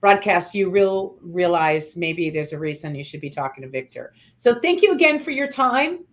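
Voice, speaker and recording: A woman hosting a casual interview, asking quick-fire questions and laughing often. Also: on the low side, lively intonation. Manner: laughs often, upbeat and chatty. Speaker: host.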